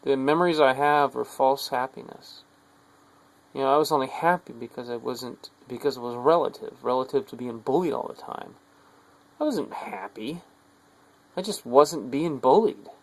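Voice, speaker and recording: Speaking at a normal pace, an American man records an angry, rambling video diary in a rough, gravelly voice full of profanity. He swings from tired mumbling to abrupt shouting, sneering at his viewers, and the audio quality is poor.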